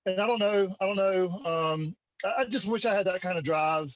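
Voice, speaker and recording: A man in his thirties with a Mississippi drawl, a relaxed interview guest on a video call who calls people man and dude. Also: sits high, normal speed, lo-fi sound. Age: 30s. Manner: laid-back drawl, says man and dude a lot. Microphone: computer video call.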